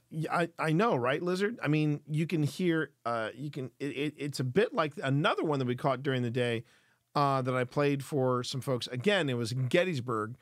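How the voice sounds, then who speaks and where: A man's voice: medium pitch, dry recording, clean studio sound. A man hosting a live stream, explaining things earnestly to his chat in a casual, talkative way.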